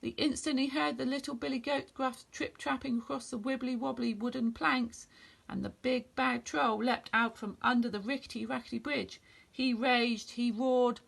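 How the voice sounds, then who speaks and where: A woman reads a children's picture book aloud, her voice gravelly and a touch husky. She sits a little high in pitch and reads gently and expressively. It is a friendly story-time reading. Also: steady tone, moderate pace.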